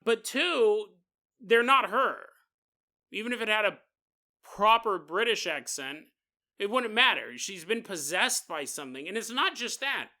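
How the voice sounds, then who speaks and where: A man's voice: high-pitched, big pitch swings, unhurried, bright, forceful tone. A man hosting a podcast, telling a ghost story casually with jokey asides and digressions. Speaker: podcast host. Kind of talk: comedic storytelling narration.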